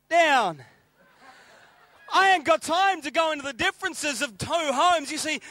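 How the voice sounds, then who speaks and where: A middle-aged man preaching with a very high, bright voice. He tells stories in an animated way and hammers home his points by repeating phrases. The sound is dry and close. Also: no room sound. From England, raised in Australia. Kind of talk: sermon.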